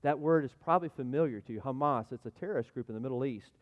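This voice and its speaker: A middle-aged man preaching a sermon, telling stories and swinging from hushed tones to near shouting. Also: medium pitch, fast talker, in a large hall, dull audio. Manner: dramatic re-enactment of his own cries. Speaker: pastor.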